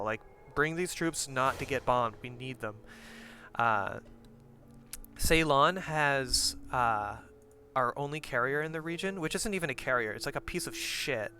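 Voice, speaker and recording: A man's voice: mid-range voice, sharp tone. A young man giving casual, profane commentary while playing a strategy game, rambling with lots of fillers and jokes.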